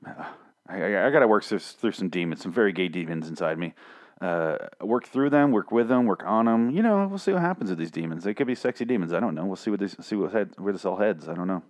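A man with a lowish voice recaps a TV episode on his own, talking loose and unscripted. He swears freely, drifts off on tangents and pokes fun at himself as he goes. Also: expressive, fast. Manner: rambling, profane, self-mocking. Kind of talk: casual solo recap.

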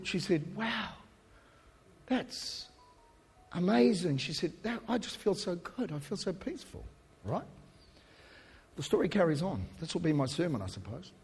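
A man preaching a sermon as a story, swinging between loud preaching and soft asides. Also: high-pitched, husky, big-room sound. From New Zealand. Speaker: pastor.

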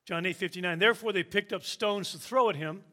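A man preaching a sermon, slow and emphatic, with dramatic pauses. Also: high-pitched, sharp tone.

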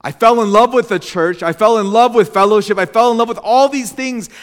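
A man's voice: sits high, a little fast, big-room sound. A young adult man preaching as a pastor, telling his story in an earnest, confessional way with frequent restarts. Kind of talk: sermon.

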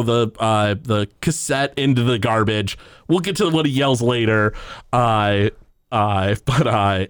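A man's voice: on the high side, no echo, clean studio sound. A man co-hosting a podcast in casual chat, retelling scenes loosely with many fillers and laughs. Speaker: podcast co-host recapping an episode.

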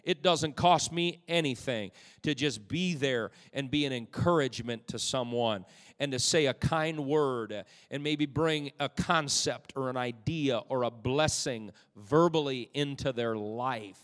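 A male pastor preaching a sermon, moving between loud, rising exhortation and quiet, close storytelling. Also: mid-range voice, a little slow. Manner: swings from loud exhortation to soft intimate storytelling. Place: church sanctuary. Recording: long hall reverb.

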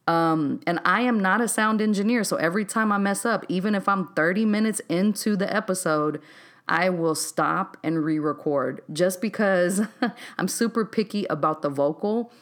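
A woman's voice: fairly low pitch, normal speed. A woman from Texas with a Texas accent, hosting a solo podcast in a candid, chatty, unscripted way with easy laughs. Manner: candid, chatty, laughs easily, says "y'all" and "um". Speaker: podcast host.

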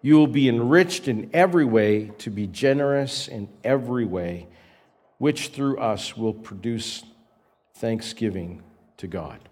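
A man preaching in an earnest, measured way, with a voice of ordinary middle pitch. He pauses between phrases and repeats key words to drive a point home. He sounds like a pastor addressing his congregation. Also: animated, darkish tone. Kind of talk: sermon.

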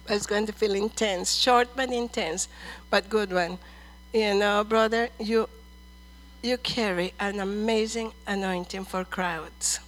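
A middle-aged woman ministering prophetic words over people in church, earnest and measured, calling them dear and brother. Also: medium pitch, fairly even intonation, low-quality recording.

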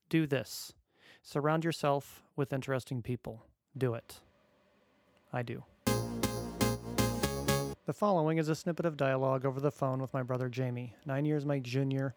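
A man's voice: medium pitch, a little mellow. A father reading his own personal essay aloud in a wry, earnest, conversational way.

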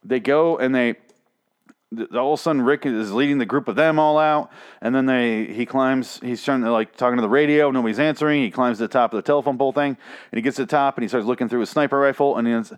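A man's voice: mid-range voice, quick pace, clean tone. Rambling, foul-mouthed male podcast host. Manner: rambling, sarcastic, swears a lot, jumps into exaggerated outbursts. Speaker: podcast host reviewing a TV show. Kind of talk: casual profane solo recap. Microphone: close podcast mic.

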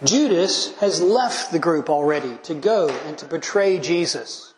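A man pastor delivers a methodical sermon, counting off points and scripture references and pressing home key lines. His voice sits a little high for a man. The sound rings in an echoey sanctuary over a faint room hum. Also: lively intonation, a little slow. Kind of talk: expository sermon.

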